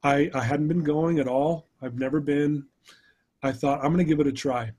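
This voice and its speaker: A man's voice: on the high side, steady tone, moderate pace, dark tone, husky. A middle-aged man, a podcast guest, telling a personal story in an earnest, emotional way, often restarting his sentences.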